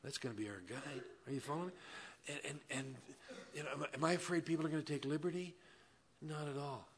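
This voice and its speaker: Animated man preaching a folksy sermon. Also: on the high side, fast talker. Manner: animated, swings from loud emphatic preaching to quiet conversational asides; folksy, peppers speech with "man" and "you know". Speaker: pastor. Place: church, Wednesday evening service.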